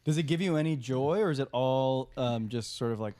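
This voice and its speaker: A man's voice: mid-range voice, a little fast, darkish tone. A man chatting casually on a podcast in an easygoing way. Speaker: podcast co-host. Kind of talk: casual chat.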